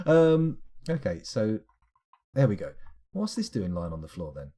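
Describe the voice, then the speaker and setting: A man's voice: lowish voice, big pitch swings, a little slow, mellow. A man streaming a strategy game live, muttering to himself as he clicks through menus and now and then answering his chat. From United Kingdom. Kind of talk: live gameplay commentary.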